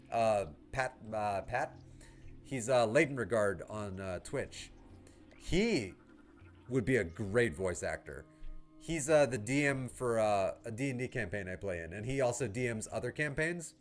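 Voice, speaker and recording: A male game streamer chatting casually with his viewers, his pitch swinging in a lively way. He rambles with lots of "like" and quick laughs. Faint music plays behind him. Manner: chatty, lots of fillers and laughs, answers chat. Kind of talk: casual livestream chat.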